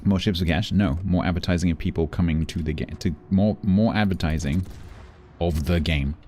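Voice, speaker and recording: A man's voice: deep voice, moderate pace, mellow, slight background noise. A man streaming a naval game, chatting casually and thanking viewers as he plays. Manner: chatty, thanks viewers between play remarks. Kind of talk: casual live-stream chat.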